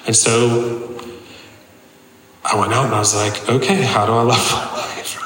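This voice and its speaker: A man's voice: medium pitch, steady tone, a little slow, fairly bright tone. A man preaching a personal testimony to a congregation in a conversational, earnest way, full of casual fillers. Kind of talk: sermon testimony. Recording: echoey hall, long reverb.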